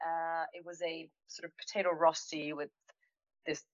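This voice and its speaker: A woman who owns a restaurant, telling an anecdote in a chatty, animated way, laughing now and then and using lots of fillers. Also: deep voice, normal speed, no echo. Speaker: restaurant owner. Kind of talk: anecdotal storytelling in conversation. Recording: dull lo-fi, dry sound.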